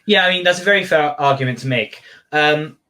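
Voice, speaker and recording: A man's voice: a little high, brisk, bright, forceful tone. A British man speaking as an interview guest, hesitant and full of fillers. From United Kingdom. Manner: hesitant, apologetic, many fillers. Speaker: guest, founder of a civic group. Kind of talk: conversational interview.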